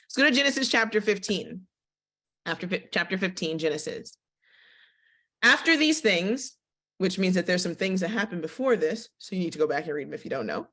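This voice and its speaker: A woman teaching a casual Bible study who reads scripture aloud and then breaks off into animated, conversational commentary. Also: brisk. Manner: expressive, with big swings in pitch and tempo.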